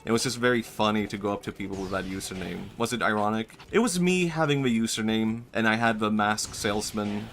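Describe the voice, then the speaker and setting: A man with a fairly low voice rambles through a casual gaming stream, cracking jokes and laughing as he goes. He starts bits and drops them just as fast. Faint game music plays behind him. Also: fairly bright tone. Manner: rambling, jokey, laughs often, abandons bits.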